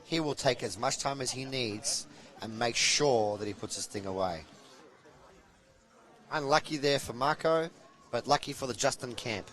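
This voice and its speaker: A man's voice: mid-range voice, normal speed, poor audio. Chatty pool commentator man. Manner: chatty, jokey, excitable. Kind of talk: live match commentary.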